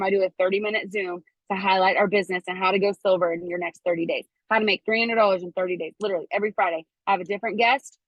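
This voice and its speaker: A woman giving a chatty, animated motivational talk to her team, acting out quoted dialogue. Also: medium pitch, no room sound, muffled recording. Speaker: network marketing team leader speaking to her team.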